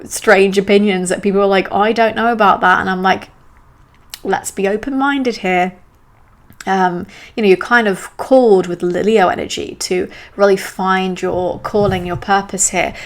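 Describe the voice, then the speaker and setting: Chatty woman astrologer, slightly low voice. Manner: chatty, enthusiastic, self-aware asides. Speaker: astrologer podcast host. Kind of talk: solo podcast monologue.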